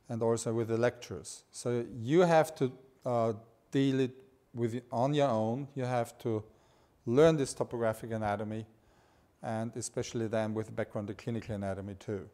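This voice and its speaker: An Austrian anatomy lecturer with a Styrian accent gives a live lecture in a warm, steady, medium-pitched voice at a moderate pace. He's enthusiastic, informal and joking.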